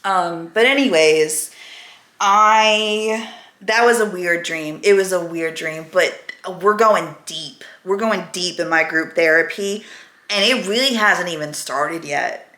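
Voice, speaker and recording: Woman vlogger, casual and chatty, bright tone, echoey room. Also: lowish voice, slow pace. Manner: rambling, candid, chatty. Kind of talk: casual weekly vlog chat. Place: at home, indoors.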